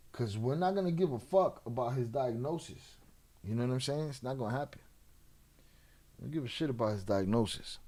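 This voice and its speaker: A man's voice: mid-range voice, a little mellow. A man hosting a live show, giving casual, profane commentary in street slang on crime videos. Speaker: host.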